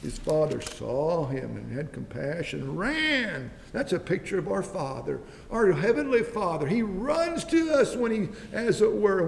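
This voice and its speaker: Fervent gravelly preacher in a reverberant hall. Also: male voice. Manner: fervent, pleading, swings between loud and hushed. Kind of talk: sermon. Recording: long reverb, faint rumble.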